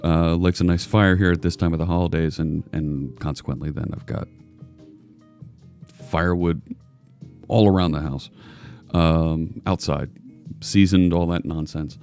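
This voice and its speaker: A man's voice: deep voice, steady tone, unhurried, long pauses, darkish tone, soft background music. A man hosting a casual live coding stream, chatting loosely and joking with viewers as he works. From United States. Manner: rambling, chatty, jokey.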